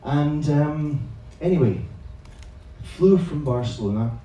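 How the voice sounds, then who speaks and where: Here the same man sounds fairly high-pitched yet dark, speaking slowly and expressively. He's a teacher trainer doing live comic storytelling, casual and self-deprecating with plenty of swearing. Captured from a distance in a very reverberant evening-event hall, the audio has a little hiss or hum.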